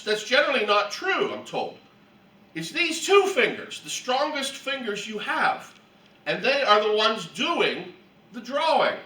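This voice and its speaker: Animated man teaching, echoey and distant. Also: sits high. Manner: lively storytelling with clearing of the throat. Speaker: Bible teacher. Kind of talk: animated Bible class teaching. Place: room for a church class. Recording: echoey room, distant mic.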